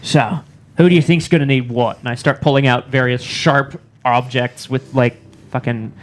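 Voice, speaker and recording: A man's voice: medium pitch, fairly even intonation, normal speed. A man player in a streamed tabletop game, narrating his actions playfully and laughing. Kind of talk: casual chat at a role-play table.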